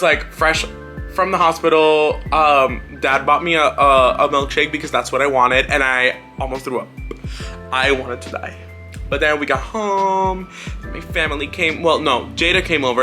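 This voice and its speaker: Man, vlogger, casual storytime, candid, wry, swears freely, fairly high, bright tone.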